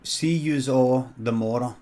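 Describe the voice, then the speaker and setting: A Scottish comedian improvising a comic story with deadpan, sweary narration and quick muttered asides. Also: male voice, mid-range voice. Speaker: comedian streamer.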